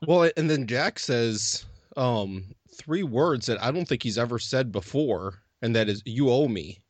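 A man's voice: medium pitch, lively intonation, measured pace, dry recording. A man co-hosting a podcast, chatting casually and chiming in with short replies and his own points. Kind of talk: casual chat.

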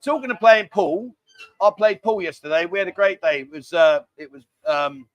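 A man's voice: high voice, moderate pace, no room sound. A man hosting a live stream, rambling and bantering casually as he reads out viewer comments. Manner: rambling, chatty, cheeky banter. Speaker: livestream host.

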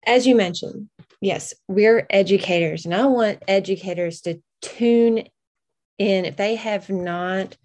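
A woman hosting an interview, speaking in a measured, reflective way. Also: medium pitch, darkish tone. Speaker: host.

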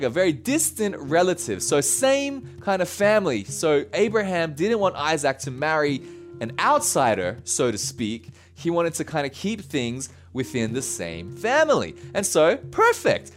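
Animated male pastor preaching with laughter. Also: on the high side, a little slow, faint music behind. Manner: animated, laughs often, conversational. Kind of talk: sermon.

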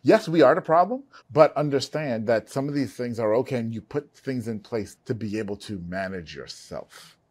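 A man's voice: on the low side, normal speed, hardly any pauses, a little mellow. A middle-aged man hosting a podcast, speaking in an emphatic, folksy way and talking straight to the listeners. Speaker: podcast host. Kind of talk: conversational podcast interview.

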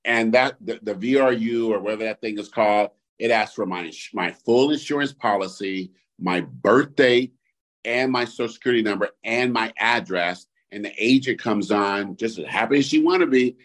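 A man co-hosting a casual podcast, telling animated, profane stories with sudden jumps in pitch. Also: moderate pace. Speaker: podcast co-host.

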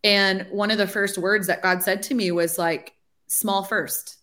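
A woman in her forties who leads a ministry tells her story in an interview, speaking at a normal speed with a medium pitch and a steady tone that sounds pushed and bright. She's chatty, says "like" a lot, and acts out what she used to think, giving it the feel of a conversational testimony.

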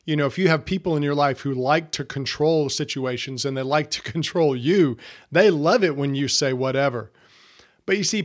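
A middle-aged man giving a plain-spoken, earnest teaching talk to men. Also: a little high. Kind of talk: scripted teaching monologue.

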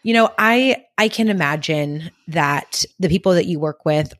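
Low-voiced woman podcast host. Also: normal speed. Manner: soft, affirming listener who asks reflective questions. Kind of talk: conversational interview.

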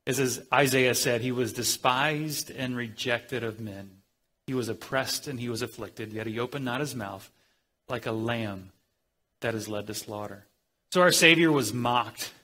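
Earnest bright-voiced male preacher. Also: mid-range voice. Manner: earnest, with frequent restarts and dramatic quoted voices. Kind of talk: sermon.

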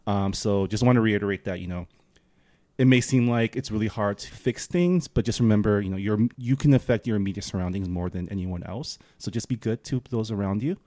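Laid-back lowish male podcast host. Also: fairly quick, mellow, no echo, clean studio sound. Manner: easygoing, laughs often, chatty. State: tired. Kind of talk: casual podcast chat.

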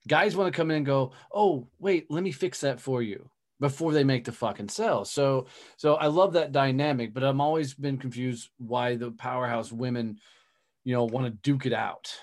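A man's voice: mid-range voice, moderate pace. A man hosting a podcast interview, talking casually and emphatically and swearing freely. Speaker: podcast host.

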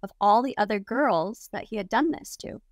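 A woman's voice: medium pitch, fairly quick, dry recording, studio quality. Chatty young woman telling a wild story. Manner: chatty, heavy use of "like" fillers. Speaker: interview guest. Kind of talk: casual storytelling.

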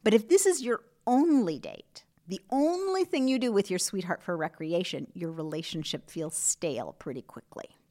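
A woman hosting a podcast, giving scripted relationship advice in an earnest, expressive way with soft asides. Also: fairly low pitch, normal speed. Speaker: podcast host.

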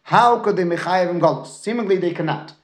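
Fast-talking man teaching Talmud. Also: high-pitched, roomy sound. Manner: keeps checking in with "right?"; mixes Aramaic and Hebrew terms into English. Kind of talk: lecture with student questions.

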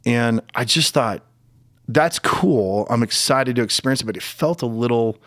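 Middle-aged man, candid storyteller, halting delivery with emotional moments, dry close sound. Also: medium pitch, a bit bright, dry recording. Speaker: podcast guest. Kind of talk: personal storytelling in conversation.

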